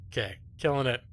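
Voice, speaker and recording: A man's voice: fairly high pitch, fairly bright tone. A man streaming a video game live, chatting casually in a jokey, self-mocking way and laughing often. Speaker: gaming streamer and lawyer.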